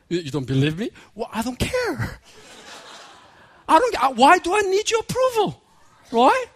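A man, preaching a sermon as a pastor, telling a personal story with laughter and building to shouted emphasis. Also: medium pitch. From Korea.

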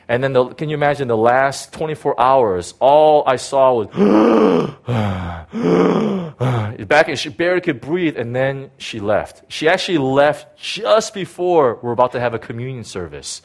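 A middle-aged pastor tells a personal story from the pulpit in a halting, repetitive way, stumbling over words and leaning on "you know." His voice sits in an ordinary middle pitch for a man. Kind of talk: personal testimony sermon.

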